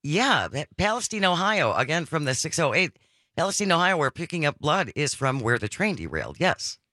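A woman hosting a call-in radio show. Her delivery is animated and bright as she reads texts and greets callers. The studio sound is close and dry. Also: low voice, moderate pace, no room sound. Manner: lively, reads listener texts aloud. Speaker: radio talk show host. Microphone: studio microphone.

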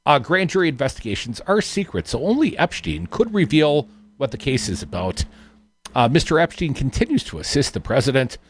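A man's voice: mid-range voice, sing-song, a little fast, slightly rough. A man hosting a political talk radio show, reading news items aloud and adding sardonic asides. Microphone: studio microphone.

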